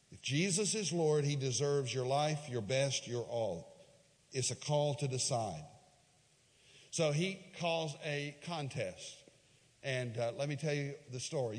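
A man preaching a sermon and retelling a Bible story, swinging from loud emphatic peaks to quiet low asides. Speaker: pastor. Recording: long hall reverb.

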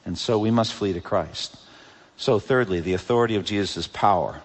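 A man preaching a sermon with emphatic swings between loud peaks and hushed drops. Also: on the low side, moderate pace, husky, long reverb tail. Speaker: pastor.

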